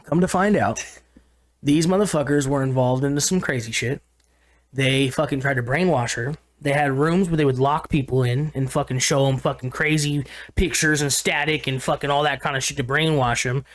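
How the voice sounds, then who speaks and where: A man co-hosting a podcast, telling a story in a casual, animated and profane way, full of slang. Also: mid-range voice, moderate pace. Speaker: podcast co-host.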